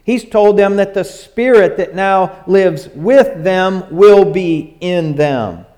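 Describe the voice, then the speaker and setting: An older man preaching a sermon as pastor, in a repetitive cadence that sinks low and soft at the ends of phrases, turning self-deprecating and lively when he jokes with the congregation. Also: takes it slowly.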